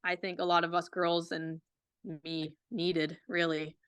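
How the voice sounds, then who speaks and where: A young woman with a smooth, clear voice and a lowish pitch talks in a laid-back, casual way. She often doubles up her words and leans on fillers as she chats as an interview guest. The sound is dry and close. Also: flat delivery, a little slow, fairly bright tone, no room sound. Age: young adult. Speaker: college athlete guest.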